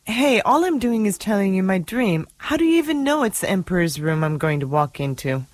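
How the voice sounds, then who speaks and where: A woman's voice: mid-range voice, very animated, fairly quick, no echo, close to an everyday voice. An actress playing a dreamy young woman who describes her dream in a wondering tone. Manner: wondering, storytelling.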